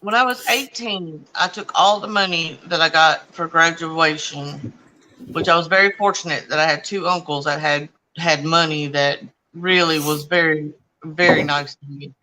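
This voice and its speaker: Woman host, casual chat, super bright sharp voice, acts out the stories. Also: sits low, moderate pace, a little hiss or hum, low-quality recording. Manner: animated storyteller acting out quoted voices. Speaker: channel host.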